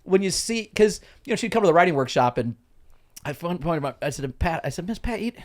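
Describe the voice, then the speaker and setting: A man casually telling comedy club stories on a podcast, lively and laughing, slipping into other people's voices. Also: sits high, brisk. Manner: animated storyteller, jumps into voices of others, laughs often.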